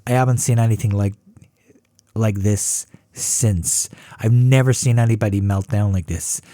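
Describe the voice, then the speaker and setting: A man in his fifties telling a story in a casual, profane, animated way, often laughing. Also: lowish voice, normal speed, no room sound, studio quality. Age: 50s. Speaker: podcast host.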